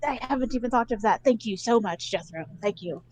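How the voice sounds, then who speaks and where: A woman's voice: a little high, fairly quick, darkish tone, no echo, lightly acted, low-quality recording. A woman playing a nervous young male sorcerer student who rambles anxiously in a tabletop game. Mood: panicked. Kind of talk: tabletop role-play.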